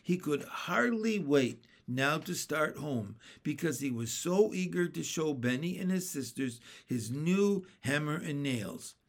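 A man reading a children's chapter book aloud in a steady, plain storybook narration. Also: fairly high pitch, a little slow, few pauses.

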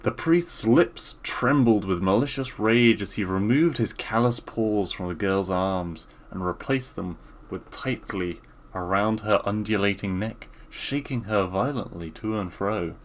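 A man's voice: fairly low pitch, a little slow. A young man reading overwrought fiction aloud for laughs, in an earnest, theatrical way.

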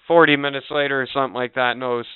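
A man from Canada tells a long profane story in a casual podcast, voice very smooth and clear though thin and phone-like. He acts out every person he quotes in an animated way. The sound is dry, with no room around it. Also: mid-range voice, racing, no echo. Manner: animated, swears constantly, acts out quoted people. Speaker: podcast co-host. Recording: tinny phone-like audio.

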